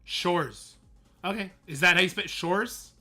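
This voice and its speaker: Over soft background music, a male streamer with a slightly high, sharp-toned voice vents to his chat at a moderate pace. His exasperated rant about the game is loaded with swearing.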